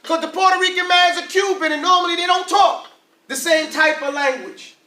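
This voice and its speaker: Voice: very high voice, moderate pace, sharp tone. An Arabic teacher, teaching a class casually in slangy talk and often checking that everyone follows. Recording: echoey room from far off.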